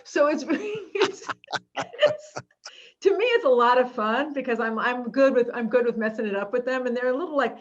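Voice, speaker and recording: A woman's voice: high-pitched, animated, normal speed. A woman in her fifties hosting a podcast interview, bubbly and teasing in casual chat, laughing often. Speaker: podcast host. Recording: dull lo-fi audio.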